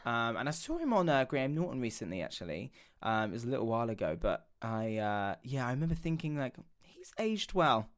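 A man's voice: mid-range voice, very animated, fairly quick, few pauses. A man co-hosting a podcast, chatting in a camp, giggly, teasing way. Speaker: podcast co-host. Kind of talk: casual chat.

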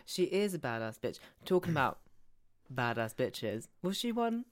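A man co-hosting a casual chat podcast, playful and quick to chime in with agreement. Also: on the high side, big pitch swings. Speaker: podcast co-host.

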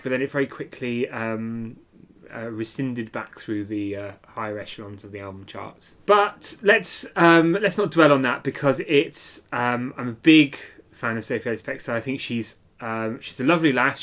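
A man's voice: medium pitch, fairly bright tone. A man co-hosting a podcast, chatting casually and enthusiastically about an album with frequent ums and restarts. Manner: chatty, enthusiastic, hesitant with fillers. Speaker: podcast co-host. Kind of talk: casual music review chat.

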